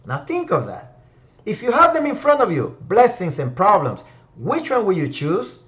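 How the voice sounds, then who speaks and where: A man's voice: sits high, wildly swooping pitch, normal speed, fairly bright tone, lo-fi sound. A man hosting a motivational discussion room, reflective and emphatic, speaking to listeners by name. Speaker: host of a word-of-the-week discussion room. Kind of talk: motivational talk.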